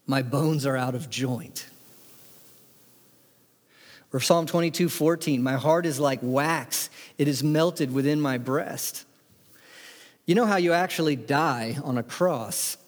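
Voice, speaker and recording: A man preaches a sermon in an emphatic voice, reading scripture aloud. His voice sits a little high for a man. It rings out with long reverb, as in a large hall. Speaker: pastor.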